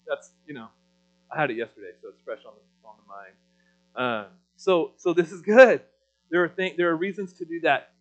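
A man's voice: a little high, highs cut off. A man preaching a sermon in a loose, conversational way, with many fillers and restarts.

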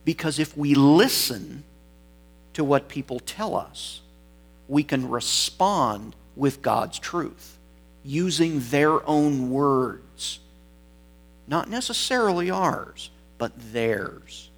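A man's voice: on the high side, expressive, slow. A man preaching an expository sermon, reading scripture and stressing key words, once correcting himself mid-sentence.

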